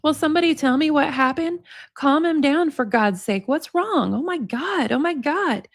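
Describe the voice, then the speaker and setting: A woman voicing a frantic, desperate young blonde woman during a dramatic book reading on a livestream, pleading in a high, panicked way. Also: animated, moderate pace.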